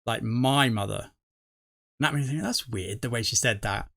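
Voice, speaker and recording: A man's voice: medium pitch, fast talker, pushed and bright. A middle-aged man, rambling through his theories on a reaction video and correcting himself as he goes. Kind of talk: casual rambling commentary.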